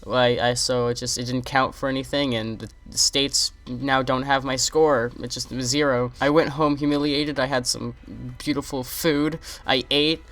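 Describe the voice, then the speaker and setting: A man's voice: mid-range voice, level tone, normal speed, few pauses, fairly bright tone. Teen vlogger boy, rambling comic tale, lots of restarts. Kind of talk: comic storytelling.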